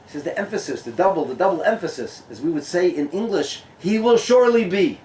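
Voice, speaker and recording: A man, a rabbi, giving a lively Torah talk at a gathering, mixing in Hebrew and Yiddish terms and laughing often. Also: high voice, fast, a little hiss or hum. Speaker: rabbi, guest speaker. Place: tent. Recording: echoey and distant room sound.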